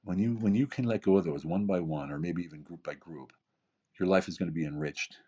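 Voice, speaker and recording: A man in his fifties with a very deep, husky voice talks casually but emphatically as a podcast guest. He hammers points home with rhetorical questions and repetition. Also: brisk, warm tone, muffled recording. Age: 50s. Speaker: podcast guest, keynote speaker and author. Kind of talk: casual motivational talk.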